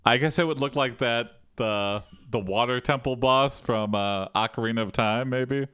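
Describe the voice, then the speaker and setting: Crisp-voiced man rambling playfully. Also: medium pitch, normal speed, fairly bright tone, dry recording, clean studio sound. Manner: rambling, playful, full of asides. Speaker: streamer hosting an AI story. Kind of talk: casual chat.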